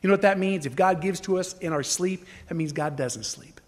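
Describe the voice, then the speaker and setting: A man's voice: on the high side, big-room sound. A man preaching a sermon, emphatic, acting out the stories he retells. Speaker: pastor.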